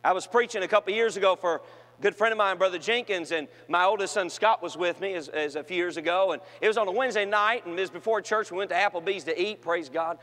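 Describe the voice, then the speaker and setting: A man preaching to young people, telling funny stories and swinging from shouted peaks to quiet asides. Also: sits high, fast. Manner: humorous storytelling with shouted climaxes and quiet asides. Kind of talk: sermon to a youth gathering. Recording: long hall reverb.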